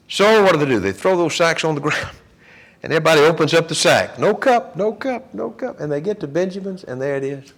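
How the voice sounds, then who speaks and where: A man leads a Bible class in a church classroom, telling the story with plenty of life. His voice sits a little high for a man and rises and falls a great deal as he acts out what each person says. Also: a little fast. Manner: lively storytelling, acting out quotes.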